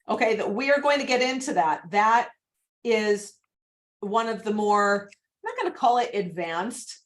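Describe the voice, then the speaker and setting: A woman coaching on a video call, chatty and animated, laughing often as she talks. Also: medium pitch. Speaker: real estate prospecting coach.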